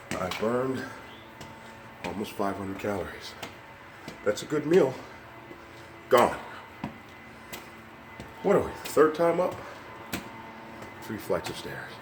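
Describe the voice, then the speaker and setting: A man's voice: lowish voice, very animated, slow, pauses often, noisy background. An older man doing a motivational fitness vlog while climbing stairs, slightly winded, upbeat and coaxing as he talks straight to viewers. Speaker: fitness vlogger.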